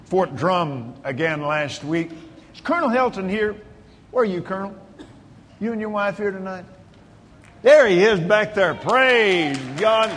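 With a high, fairly bright voice, the elderly preacher fervently exclaims praises and hallelujahs while praying and addressing his congregation in a sermon. The large church hall echoes with crowd ambience and slight background noise.

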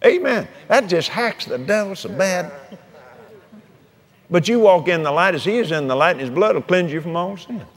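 A man with a high-pitched voice preaching a sermon. He tells folksy stories and presses his points with fervor, swinging between easy chatter and loud emphasis. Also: animated, moderate pace. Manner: folksy storytelling preacher, fervent.

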